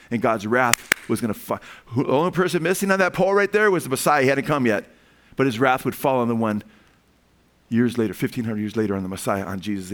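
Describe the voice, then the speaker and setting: A man preaching a sermon, emphatic and rising to excited peaks, often asking his listeners for an amen. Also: mid-range voice. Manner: emphatic preaching with frequent call-outs for amen. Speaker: pastor.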